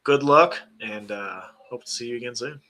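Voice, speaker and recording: Bright-voiced man chatting on a podcast. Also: medium pitch, moderate pace. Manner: chatty, loose and joking, trails off and restarts. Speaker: podcast co-host. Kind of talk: casual chat.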